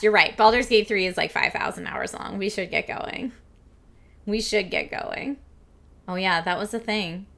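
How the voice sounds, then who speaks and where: A woman's voice: mid-range voice, sharp tone. A woman in her thirties from the Philadelphia area, chatting casually and animatedly with her stream viewers, laughing often and saying "like" a lot. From Philadelphia and New Jersey area.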